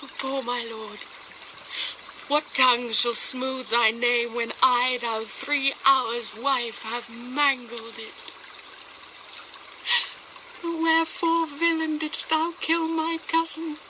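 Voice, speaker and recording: A woman voices a torn teenage bride in a dramatic Shakespeare reading, her voice high and the verse unhurried. Every line is declaimed slowly. Steady background ambience and noise run under the recording. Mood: grieving. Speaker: reader of Shakespeare lines.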